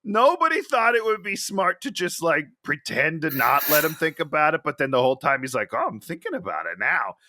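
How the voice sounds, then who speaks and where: A man in casual podcast banter, his voice bright and a little high, swooping up and down as he rants in disbelief about what he's watching. He talks right into a close mic in a dry, deadened room. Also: fairly quick, few pauses, dry recording. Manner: animated, incredulous ranting with frequent laughs. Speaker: podcast co-host. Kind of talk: casual comedic movie review chat.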